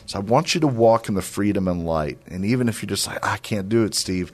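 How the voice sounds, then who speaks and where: A man's voice: on the low side, fairly quick, a little mellow. A middle-aged man hosting a Christian radio podcast, speaking in an earnest, affirming way and urging listeners like a preacher. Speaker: radio and podcast host, ministry leader. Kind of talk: Christian encouragement talk with a closing exhortation.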